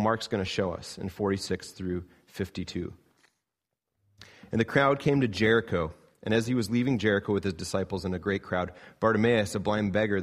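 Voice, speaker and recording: Male pastor from Canada, low voice, earnest preaching that swings between emphatic highs and quiet lows. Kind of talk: sermon.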